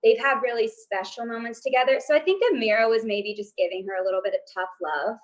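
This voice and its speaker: A woman's voice: a little high, fast, lo-fi sound. A woman on a casual TV recap panel, talking thoughtfully and hedging with many ums. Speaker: co-host panelist.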